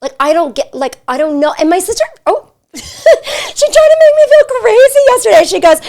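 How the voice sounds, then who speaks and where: A young woman hosts a podcast from a hotel suite, chatting casually in a giggly manner packed with fillers. Her voice is very high and very animated, a little mellow, at a moderate pace.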